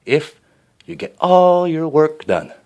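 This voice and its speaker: A man reading a storybook, voicing a sly, cold middle-aged stepmother with slow, drawn-out words. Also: medium pitch, big pitch swings, voice pushed up. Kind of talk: storybook character voice.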